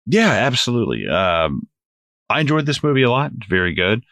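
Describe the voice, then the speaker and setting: A man's voice: mid-range voice, a little fast, dry recording. A man co-hosting a film podcast, chatting casually and animatedly, swearing now and then. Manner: animated, swears casually, reads listener comments. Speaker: podcast co-host. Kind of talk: casual chat.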